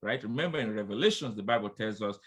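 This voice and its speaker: Bright-voiced male preacher, emphatic. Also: on the low side, animated, quick pace, husky. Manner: emphatic, repeats refrains, calls out "come on, somebody"; addresses listeners directly as friends. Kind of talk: sermon.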